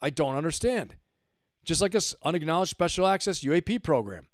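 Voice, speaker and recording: A man's voice: a little high, animated, fairly quick, dry recording, studio quality. A man hosting a livestream, giving emphatic commentary and repeating his points for stress. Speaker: host.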